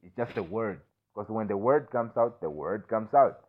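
A man's voice: on the low side, expressive, moderate pace. A young man in a candid, rambling personal monologue, swearing often and restarting sentences, who keeps asking "you understand me?". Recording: tinny phone-like audio.

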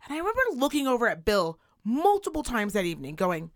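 A woman with a voice on the high side talks fast with hardly any pauses as she co-hosts a podcast. She tells a story in casual, profane chat, animatedly acting out the quotes.

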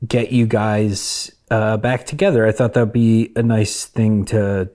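A man hosting a comedy show, talking in a dry, earnest, halting way. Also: fairly low pitch, fairly even intonation, warm tone. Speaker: host. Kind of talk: deadpan comedy chat.

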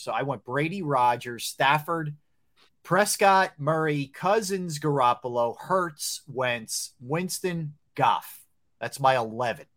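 A man's voice: mid-range voice, a bit bright. A man co-hosting a casual sports talk show, chatty and easygoing, with a Philadelphia-area accent. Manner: easygoing, chatty, laughs things off.

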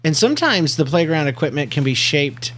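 A man's voice: on the high side, big pitch swings, brisk, a bit bright, a little hiss or hum. A man chatting casually with his young daughter, asking playful questions and teasing her with silly jokes. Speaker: father talking with his daughter. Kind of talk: casual chat with a child.

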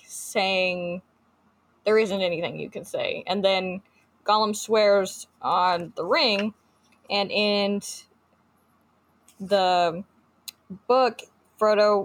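A woman's voice: medium pitch, very slow. A woman co-hosting a podcast in casual chat, talking with many fillers and restarts and reading book passages aloud. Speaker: podcast co-host.

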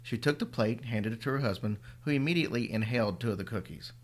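A man reading a horror story aloud as a podcast host, with a steady, dry delivery. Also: mid-range voice, quick pace.

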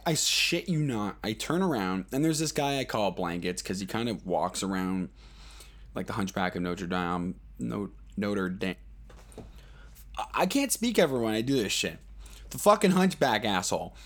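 A man hosting a podcast, telling a rambling, profane story in a casual monologue, full of fillers and acted-out quotes. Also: medium pitch. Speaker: podcast host.

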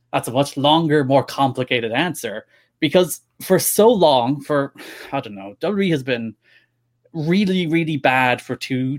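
Opinionated man with a higher voice. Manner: animated, rambling, opinionated. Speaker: podcast co-host. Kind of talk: casual wrestling discussion.

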